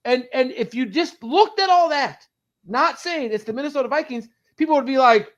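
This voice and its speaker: A man co-hosting a sports podcast, talking fast and heatedly as a fan in casual chat. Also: extremely high pitch, muffled recording. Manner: animated, ranting fan, quick bursts. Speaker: podcast co-host.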